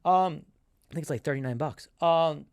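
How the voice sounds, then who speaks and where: A man chatting as a podcast guest, excitable and quick, repeating himself as he talks. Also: a little high, clean tone, no echo, clean studio sound. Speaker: guest, magician and entertainer. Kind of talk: animated podcast chat.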